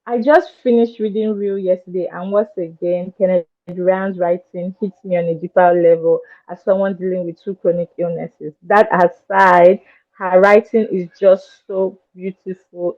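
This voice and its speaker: Excitable woman on a tinny line. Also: on the low side, normal speed. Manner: excitable, gushing, breaks into screams. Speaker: podcast co-host. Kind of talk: casual chat.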